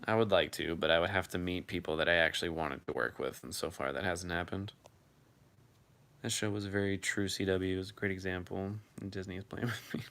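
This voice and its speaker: A man's voice: low-pitched, steady tone, a little fast, a bit bright. A man hosting a casual live chat, reading viewer comments aloud and answering them in a loose, freely swearing way.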